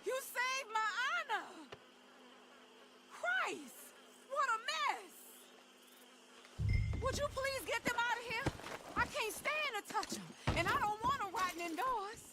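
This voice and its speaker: A woman's voice: very high-pitched, animated, slow, pauses often, very noisy, heavily acted. An actress voicing a frightened young woman who is tied up and pleading tearfully, in a video game. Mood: relieved.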